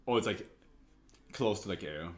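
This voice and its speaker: A man's voice: lowish voice, lively intonation, normal speed. A man hosting an anime reaction video, chatting casually while he stands, jokey and laughing often.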